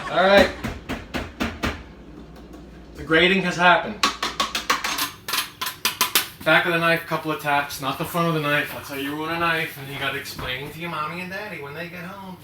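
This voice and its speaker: A man's voice: a little high, steady tone, normal speed, long pauses, roomy sound, recorded from a distance, noisy background. A man hosting a comedic cooking demonstration in his kitchen, full of joking asides. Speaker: cooking show host. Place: home kitchen.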